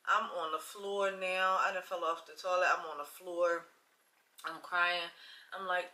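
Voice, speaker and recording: A woman in her late thirties telling a personal story in a casual, chatty way. She acts out both sides of conversations and swings between loud and hushed. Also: fairly low pitch, fairly even intonation, moderate pace. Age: late 30s. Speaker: vlogger sharing a personal testimony.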